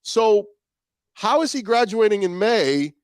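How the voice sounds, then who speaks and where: A man's voice: sits high, lively intonation, a little slow, clean tone, no room sound. A man co-hosting a sports podcast, making his case with lots of fillers. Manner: argumentative, filler-heavy. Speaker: podcast co-host. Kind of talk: casual sports chat.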